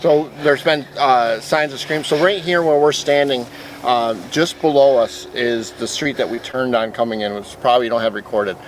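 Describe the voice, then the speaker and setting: A man's voice: medium pitch, a little hiss or hum, rough recording. Matter-of-fact male local guide. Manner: plain, matter-of-fact, halting. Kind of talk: casual explaining on location. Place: outdoors in hillside woods.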